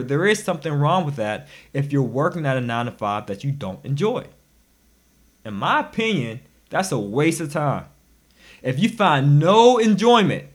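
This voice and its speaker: A man with a medium-pitched voice delivers a recorded motivational lesson on personal finance. His delivery is animated and preachy, broken by sudden loud, emphatic bursts.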